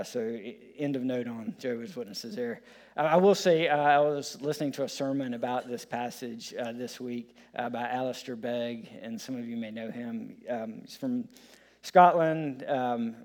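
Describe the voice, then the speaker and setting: A man's voice: mid-range voice, normal speed. A man preaching a sermon in a conversational way, with frequent fillers and restarts. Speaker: pastor.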